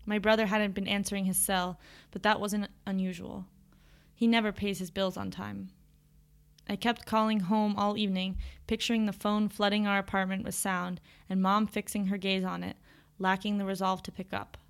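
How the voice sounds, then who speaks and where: A woman's voice: medium pitch, level tone, moderate pace, creaky. Woman narrating a reflective audiobook. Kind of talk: scripted first-person audiobook narration.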